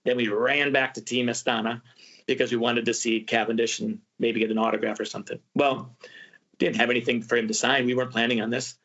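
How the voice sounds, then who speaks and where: A man hosting a travel podcast, telling a story in a casual, animated way and acting out what people said. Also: medium pitch, a little fast. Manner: animated, acts out quoted voices. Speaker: podcast host. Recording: muffled lo-fi audio.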